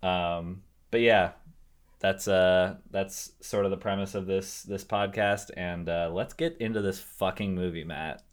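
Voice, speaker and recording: A man's voice: deep voice, fairly even intonation, a little slow, clear, resonant tone. A man co-hosting a movie podcast in casual, rambling chat, swearing now and then. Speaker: podcast co-host.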